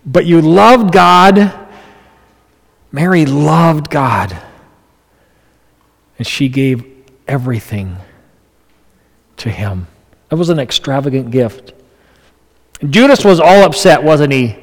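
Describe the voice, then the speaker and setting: A man preaches a sermon in a casual, conversational way, dropping into quiet asides and then building to emphatic, raised lines. His voice sits a bit high for a man. The sound carries a long reverb, like a large church hall. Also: measured pace, long pauses. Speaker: pastor.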